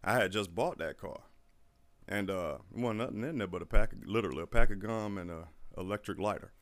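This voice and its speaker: Brief: man, gravelly low voice, profane animated storyteller. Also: fairly quick. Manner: profane, animated storyteller who acts out quotes. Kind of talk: casual storytelling chat.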